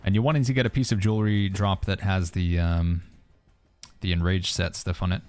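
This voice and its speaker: A man streams a game, chatting casually and answering viewer questions as he plays, with faint music behind him. His deep, darkish voice holds a steady tone at a moderate pace.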